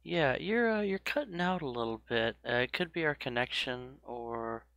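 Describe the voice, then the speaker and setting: A man in his thirties talks casually while streaming a game, with a gravelly edge and a bright, forward tone. The sound is dry and close, with no room around it. He is chatty and self-mocking, laughing often at himself. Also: mid-range voice, expressive, moderate pace, no echo, lo-fi sound. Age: 30s. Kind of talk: casual live-stream chat.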